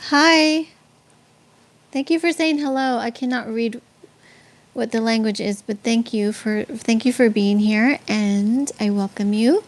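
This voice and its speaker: Hosting a live stream from San Antonio, Texas, this woman speaks with a Tex-Mex accent, chatting with viewers, responding to chat comments, and sharing faith stories. Her voice sits on the high side with a darkish tone, and she takes her time. Ums and restarts come often in her chatty delivery.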